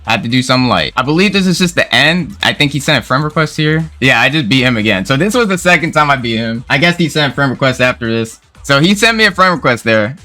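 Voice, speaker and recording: A man's voice: mid-range voice, pushed and bright. A man casually recounting an online game argument in a laid-back, slangy way, calling the listener "bro.". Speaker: gaming video creator. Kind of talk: casual storytelling commentary.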